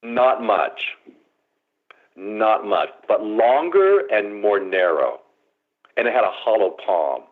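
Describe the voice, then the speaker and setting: A man's voice: on the low side, very animated, slow pace, pauses often. A man guest on a radio show, telling his story dramatically over the phone. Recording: tinny phone line.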